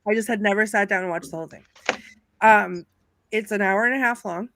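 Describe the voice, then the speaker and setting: A woman on a video call chatting excitedly with friends on a live stream, laughing often as she talks. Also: medium pitch, brisk, slight background noise. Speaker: panelist. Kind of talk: casual chat on a live stream.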